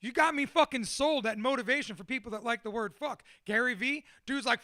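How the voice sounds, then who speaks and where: A man's voice: very high voice, fairly quick, hardly any pauses, pushed and bright, no room sound, studio quality. A man in his thirties, a motivational speaker, rambling profanely and self-deprecatingly through a candid personal monologue.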